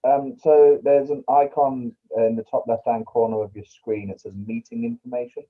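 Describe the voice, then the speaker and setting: A man on a video call calmly explaining steps, one at a time. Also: medium pitch, moderate pace. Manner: calm, helpful, explains step by step. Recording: tinny phone-like call audio.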